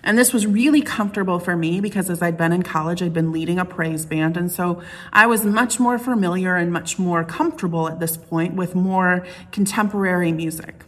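A woman's voice: lowish voice, fairly quick. A middle-aged woman pastor delivering a conversational sermon, telling stories with playful asides. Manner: chatty storytelling with playful asides.

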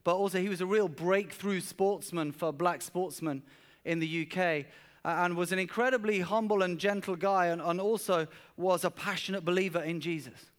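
A man's voice: sits high, steady tone, normal speed. A man preaching a sermon at a church service, telling stories earnestly and often repeating words as he goes. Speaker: pastor.

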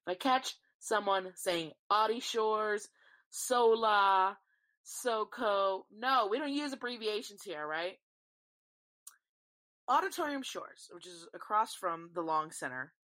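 On her podcast, a young woman with a medium-pitched, slightly bright voice chats casually on her own. Her talk wanders, the swearing comes freely, and she addresses listeners as y'all.

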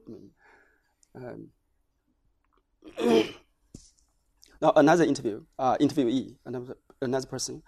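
A man from China speaking English, presenting research findings in a halting lecture style full of hesitations. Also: mid-range voice, vocal fry, a little mellow, husky. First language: Chinese.

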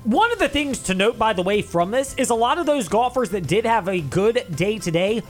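A male sports talk host delivers the day's headlines in a loose, casual way. His pitch swings widely as he talks, and he drifts into rambling side remarks. Faint music plays underneath. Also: moderate pace. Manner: animated, rambling asides.

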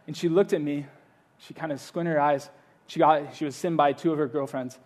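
High-voiced man telling a lively sermon story. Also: fairly quick. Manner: casual storytelling, animated and playful. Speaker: pastor.

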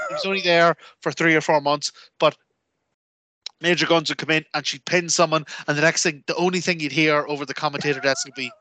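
Bright, rambling man. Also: on the high side, dry recording. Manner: rambling, animated storyteller with many fillers. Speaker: podcast co-host. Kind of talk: casual chat.

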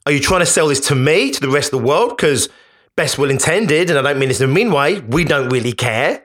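A man's voice: a little high, expressive, fairly quick, a bit bright. A man hosting a podcast, speaking in an emphatic, conversational motivational monologue that often repeats itself. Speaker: podcast host.

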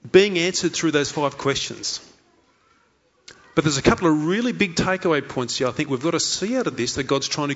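A man's voice: a little high, a bit bright, muffled recording. A man preaching a sermon in an earnest way, asking many rhetorical questions and voicing the thoughts of a story figure. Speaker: pastor.

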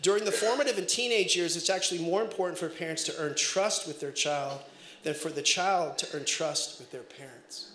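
A middle-aged man preaching a sermon as pastor, telling family stories in an animated way with bursts of shouting. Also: a little high, brisk, a little hiss or hum. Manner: animated storytelling, breaks into shouts and laughter. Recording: echoey room.

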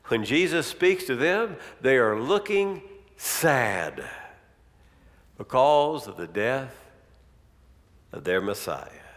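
A man's voice: mid-range voice, very animated, slow, long pauses, fairly bright tone. A man preaching an expository sermon with a dramatic, rhetorical delivery. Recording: long reverb of a large hall.

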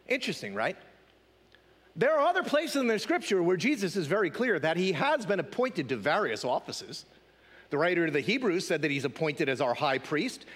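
A man's voice: a little high, very animated, moderate pace, fairly bright tone, in a large hall. A male pastor preaching a sermon in a conversational style, often asking the congregation questions.

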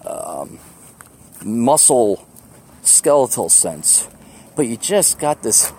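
A podcast host rambles as he walks outside to catch the bus, self-deprecating and quick to laugh. His medium-pitched voice is very animated yet slow, darkish with a breathy edge.

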